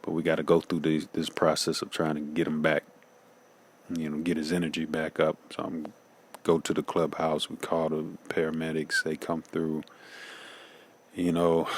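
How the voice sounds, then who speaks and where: A man's voice: rumbling low, completely flat delivery, moderate pace, a little hiss or hum. A man giving a casual personal testimony, slangy and loose, often saying "man" and "you know.".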